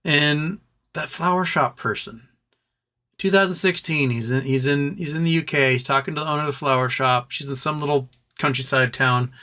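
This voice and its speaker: A man hosting a live stream, rambling in a relaxed way and reading out viewer comments. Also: a little high, normal speed. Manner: rambling, laid-back, reads chat comments aloud. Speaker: livestream host. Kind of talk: casual livestream chat.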